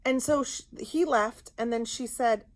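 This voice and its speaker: A woman co-hosting a podcast, telling a story in casual chat, animated and indignant. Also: a little high, a little slow. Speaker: podcast co-host.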